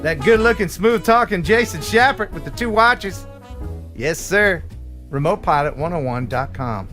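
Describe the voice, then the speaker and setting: Man, American accent, high voice, stream host, jokey chat, faint music behind. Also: normal speed. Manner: animated, punning, jokey delivery. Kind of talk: live stream chat with jokes and sponsor reads.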